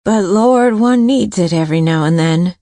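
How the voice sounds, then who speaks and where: A woman's voice: mid-range voice, moderate pace, warm tone, dry recording, studio quality, lightly acted. A woman voicing an older retired nurse who talks in a hesitant, confiding way, in an audiobook.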